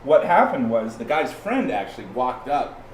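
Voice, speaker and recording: A man's voice: mid-range voice, moderate pace, a little hiss or hum. Man from California telling a story. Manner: animated, restarts often, acts out quoted voices. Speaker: podcast guest, filmmaker. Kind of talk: casual storytelling in an interview. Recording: roomy sound from a distant mic, faint ambience.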